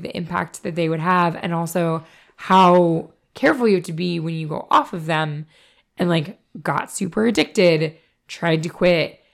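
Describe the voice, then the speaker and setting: Creaky, hoarse woman chatting bluntly. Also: fairly low pitch. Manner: blunt, sweary, rambling with many fillers. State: hoarse from a cold. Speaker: podcast co-host. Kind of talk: casual chat.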